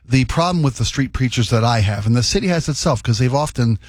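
A man's voice: mid-range voice, lively intonation, quick pace, no echo, clean studio sound. A man co-hosting a talk radio show, giving opinions and often stumbling over restarts. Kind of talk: casual talk radio banter.

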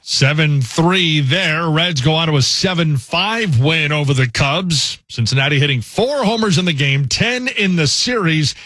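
A man hosting an overnight sports radio show, briskly reading scripted highlights. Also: pushed and bright, slight background noise. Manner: brisk, smooth newsreader delivery.

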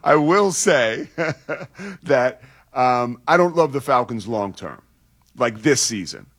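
A man co-hosting a sports radio show, talking in halting bursts with many restarts and chuckles. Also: mid-range voice, animated, a bit bright.

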